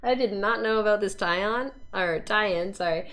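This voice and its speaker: A woman's voice: medium pitch, a little fast. A young woman from Canada, a cosplayer chatting casually as an interview guest, laughing often and mimicking voices.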